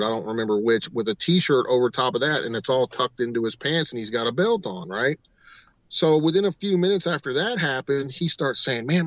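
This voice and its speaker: A man's voice: mid-range voice, no room sound. Man telling a story over dull, lo-fi audio. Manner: rambling storyteller, strings clauses with "and". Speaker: paranormal investigator, radio guest. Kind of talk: telling a story on a talk radio show.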